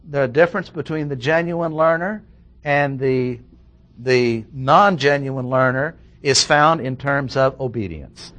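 At a middle pitch, a man preaches an expository sermon verse by verse, reading scripture aloud. Like a teaching pastor guiding a congregation through a passage, he stresses key words with steady emphasis.

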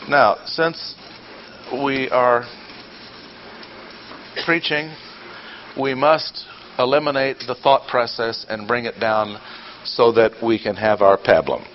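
A man's voice: medium pitch, fairly even intonation, takes it slowly, pauses often. An older man preaches a teaching sermon in a mid-range voice. He peppers the talk with rhetorical questions, emphatic bursts and dry, sarcastic asides. The recording is muffled and lo-fi, with a faint hiss underneath. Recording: dull lo-fi audio with faint noise.

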